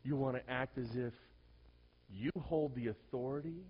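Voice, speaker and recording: A male pastor preaching to a congregation and telling personal stories, swinging from hushed asides to loud, animated bursts. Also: medium pitch, normal speed, slightly rough, muffled recording. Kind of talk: sermon with personal storytelling.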